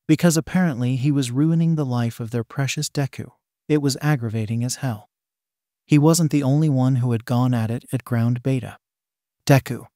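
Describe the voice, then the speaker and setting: A man reading fan fiction aloud in a steady, plain way, swear words and all. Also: medium pitch, no room sound, clean studio sound. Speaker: story narrator.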